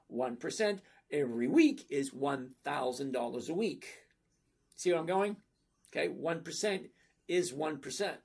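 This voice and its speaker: A man's voice: fairly high pitch, creaky. An older retired man casually hosting a live stock chat, blunt and rambling, answering viewers one by one. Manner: chatty, blunt, rambling asides. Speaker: stock market livestream host.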